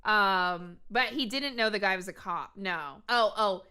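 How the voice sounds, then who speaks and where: A woman's voice: mid-range voice, a little slow, pushed and bright, clear, resonant tone. A woman hosting a reaction show, chatting casually about bodycam footage with a wry, laughing manner.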